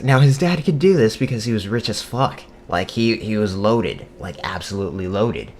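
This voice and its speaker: A young man with a lowish voice tells a long joke, wandering and swearing freely, with lots of fillers. He chuckles at his own punchlines. A faint hum of room ambience sits behind him. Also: lively intonation, measured pace. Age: young adult. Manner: casual, profane, laughs at own jokes, many fillers. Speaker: joke teller. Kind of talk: rambling shaggy-dog joke.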